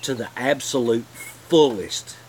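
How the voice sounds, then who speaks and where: A man's voice: medium pitch, slow, a little mellow, a little hiss or hum. A man hosting a homesteading channel, telling rambling, heartfelt stories in a casual livestream.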